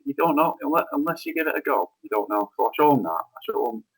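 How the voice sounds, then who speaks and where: A man, a head teacher on a podcast, speaking in a casual chat with halting, repeated words. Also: medium pitch, expressive, low-quality recording.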